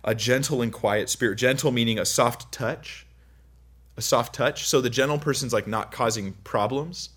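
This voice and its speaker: A man's voice: medium pitch, normal speed, fairly bright tone. A young man giving a casual, chatty Bible teaching, full of anecdotes and self-interruptions. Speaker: preacher.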